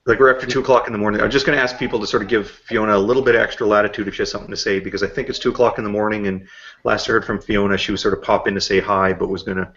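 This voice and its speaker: A man's voice: lowish voice, steady tone, very fast, a bit bright. A Canadian man hosting a casual group video chat, rambling, swearing and laughing at his own jokes. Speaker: host. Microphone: video call. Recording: dull lo-fi online call audio.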